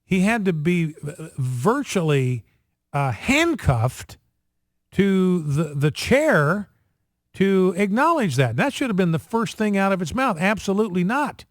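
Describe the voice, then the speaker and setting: A man's voice: high-pitched, sing-song, measured pace, no echo, studio quality. A male radio talk show host giving opinionated political commentary, with many fillers and restarts.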